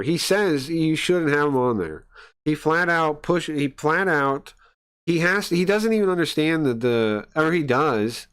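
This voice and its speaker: A man's voice: a little high, expressive, measured pace, clean tone. A man streamer ranting live, heated and profane, with stumbling restarts and scoffing laughs. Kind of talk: profane livestream rant.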